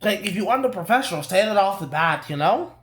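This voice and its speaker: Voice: mid-range voice, expressive, fast. A young adult reviewing a film in a casual rant, swearing a lot, exasperated and rambling with frequent restarts. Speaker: movie reviewer.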